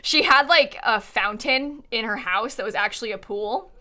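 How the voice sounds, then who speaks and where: A woman's voice: fairly high pitch, normal speed, bright, forceful tone. A young woman in her twenties chatting casually on a live game stream, giggly and talkative. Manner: giggly, chatty, often breaks into laughter. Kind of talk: casual live-stream chat while playing a life-sim game.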